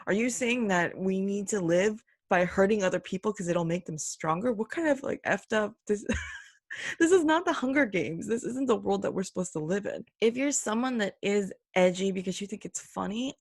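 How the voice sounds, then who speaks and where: A young adult woman hosting a solo podcast, talking earnestly and emphatically, now and then mimicking other people in quick put-on voices. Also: mid-range voice, lively intonation, no echo, clean studio sound. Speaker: podcast host. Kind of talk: opinionated solo commentary.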